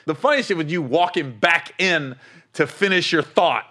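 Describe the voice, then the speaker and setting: A man's voice: fairly high pitch, moderate pace. A man co-hosting a casual podcast who tells a story with laughter and acts out what people said. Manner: animated, laughing, acts out quotes in voices. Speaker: comedian co-host.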